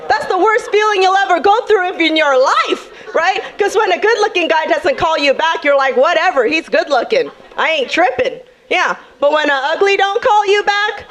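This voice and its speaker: A young woman works a comedy club crowd through a handheld mic in a high voice. She is brash and sassy, and she speaks straight to the audience. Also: a bit bright. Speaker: stand-up comedian. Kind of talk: stand-up comedy set.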